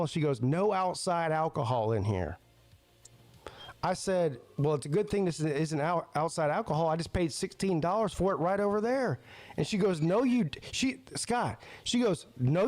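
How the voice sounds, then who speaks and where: A man's voice: on the high side, darkish tone, no room sound. A man hosting a podcast, telling a story in a rambling, profane way and stumbling over repeated words. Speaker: podcast host. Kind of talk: casual chat, storytelling.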